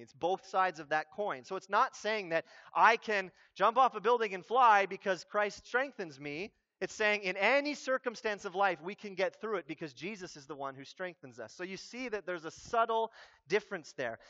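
High-voiced animated male preacher. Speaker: pastor. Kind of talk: sermon. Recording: dull lo-fi recording.

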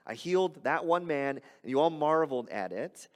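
A man preaching a sermon as a pastor, explaining scripture in a conversational, animated way that builds to loud emphasis. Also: fairly high pitch, normal speed, in a large hall.

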